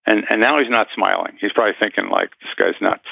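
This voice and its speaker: A man's voice: fairly low pitch, steady tone, quick pace, vocal fry, pushed and bright, no room sound, dull audio. A man guest in an interview, telling a story with animation and acting out the voices of the people in it.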